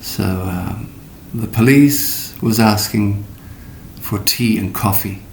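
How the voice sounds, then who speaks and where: Slow, gravelly male teacher in an echoey room. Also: a little mellow. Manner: slow, deliberate, with many fillers and demonstrations. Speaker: English pronunciation teacher. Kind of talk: recorded pronunciation lesson. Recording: echoey room with faint rumble.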